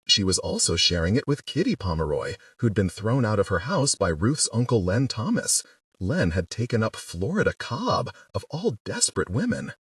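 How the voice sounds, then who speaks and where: A man narrating a novel as an audiobook, in an expressive storytelling manner. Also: on the low side, moderate pace, no room sound, distant mic.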